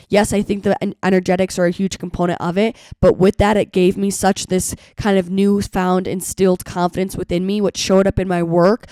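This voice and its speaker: A young woman hosting her own solo podcast, a little hoarse from being sick, talking in an earnest, chatty way with lots of "like". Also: lowish voice, darkish tone, dry recording, clean studio sound. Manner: chatty, earnest, heavy use of "like". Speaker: podcast host. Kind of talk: solo motivational podcast talk.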